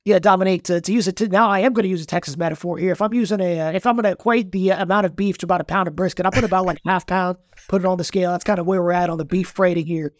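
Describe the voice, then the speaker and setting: Male sports reporter, quick and high-pitched, animated storyteller, dry close mic. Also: no echo. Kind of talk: casual podcast chat.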